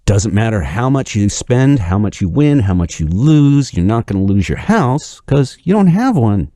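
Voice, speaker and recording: A man's voice: lowish voice, big pitch swings, normal speed, mellow, no room sound, clean studio sound, voice pushed up. A man telling a joke as a smug salesman Satan. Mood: smug pitching. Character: smug male Satan listing hell's pleasures.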